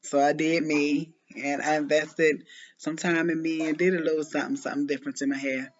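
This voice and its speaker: A woman's voice: low-pitched, flat delivery, a little fast, a little hiss or hum. A woman in her forties, a former preschool teacher, chatting casually to camera with a loose, laughing manner and many ums and restarts. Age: 40s. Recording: muffled lo-fi audio.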